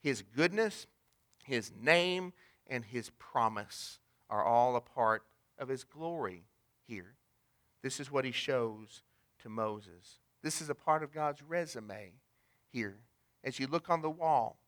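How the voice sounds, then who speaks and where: Dramatic preacher man, bright voice. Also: medium pitch, takes it slowly. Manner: dramatic, swinging from loud emphasis to near-hushed delivery; conversational, with asides to the congregation. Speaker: pastor. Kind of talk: sermon.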